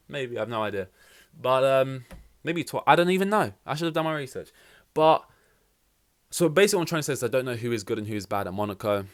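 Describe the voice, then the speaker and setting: Young male podcast host, excitable and rambling, swears a lot, casual race chat. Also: mid-range voice. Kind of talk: casual race reaction commentary.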